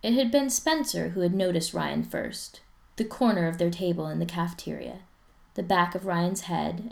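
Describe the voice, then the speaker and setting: Woman reading a story, low and gravelly. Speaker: narrator. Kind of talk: audiobook reading of fiction.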